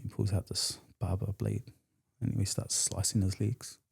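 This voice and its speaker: A man's voice: fairly low pitch, level tone, moderate pace, creaky, darkish tone, husky. A man from New Zealand with a New Zealand accent, a podcast guest telling his story in a blunt, profane, slangy way. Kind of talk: candid storytelling in conversation.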